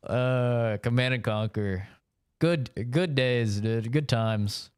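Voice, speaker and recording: A man's voice: medium pitch, measured pace, clean tone, no echo, clean studio sound. A man live-streaming a game, chatting loosely with his chat, rambling and swearing freely. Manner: rambling, profane, answers chat with frequent "you know". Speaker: gaming streamer.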